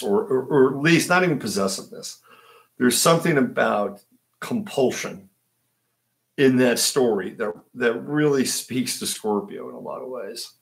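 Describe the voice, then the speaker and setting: A man's voice: lowish voice, creaky, a bit bright. A man hosting an astrology livestream, talking conversationally and often tossing in a rhetorical "right?". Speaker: astrologer host. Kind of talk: livestream talk.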